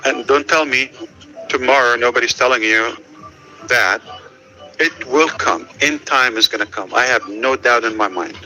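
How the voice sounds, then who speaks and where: A man's voice: medium pitch, normal speed, pushed and bright, soft background music, low-quality recording. A man leading a casual group call, speaking in rambling, stop-start phrases full of fillers. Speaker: company leader addressing members.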